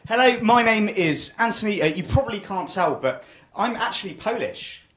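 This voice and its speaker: A man's voice: sits high, animated, normal speed, heavy background noise. A young man in his twenties with an English accent doing a stand-up set, self-mocking and laughing through his lines. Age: 20s. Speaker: stand-up comedian.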